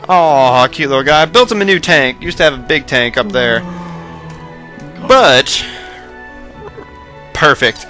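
A young man rambling casually over his gameplay footage, self-mocking and prone to excited outbursts, his voice tiring late at night. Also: a little high, slow, pauses often, soft background music. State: voice going hoarse late at night. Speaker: let's play host.

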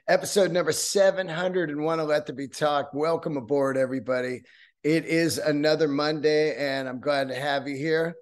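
A man with a slightly raised voice hosts his own podcast and talks straight into a studio mic. He rambles, swears freely and drifts off into asides as he goes. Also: on the high side. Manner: loose, profane, rambling with asides. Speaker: podcast host. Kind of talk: casual solo podcast monologue.

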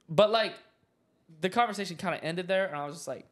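A young man co-hosting a podcast, telling stories in a slangy, joking, animated way. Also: high voice, a little slow, pauses often. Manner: animated storytelling, slangy, jokey. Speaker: podcast co-host. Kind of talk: casual chat.

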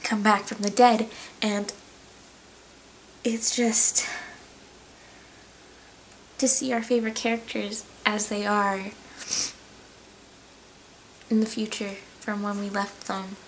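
A woman talks to camera about a book she loves in a casual home vlog. Her voice sits at a middle pitch, and she is earnest and gushing, restarting her sentences as she goes. A faint hiss runs under the recording. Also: level tone, slow, pauses often, poor audio. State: tearful, voice breaking. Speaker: book vlogger.

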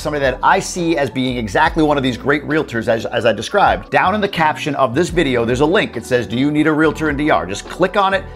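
A man from Michigan hosting his own channel, talking to camera in a direct, upfront, conversational way. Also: mid-range voice. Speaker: YouTube host.

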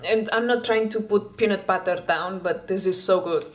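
In a casual vlog, a woman from Spain chats and eats while trying candy, frequently restarting her words. Her voice is medium in pitch and moderately paced, and the recording is rough.

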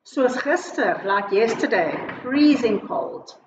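Woman teacher, South African accent, slow deliberate pace, higher voice, echoey muffled recording. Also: sing-song, background noise. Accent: South African English. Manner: slow, clear teacherly explanation, switching between Afrikaans and English. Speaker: primary school teacher. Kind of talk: recorded online Afrikaans lesson.

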